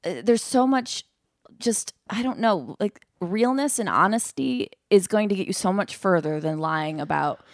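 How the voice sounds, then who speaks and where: A woman's voice: medium pitch, animated, unhurried, no echo, studio quality. A woman hosting a podcast, talking in a frank, sarcastic and profane way. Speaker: podcast host. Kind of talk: candid podcast chat.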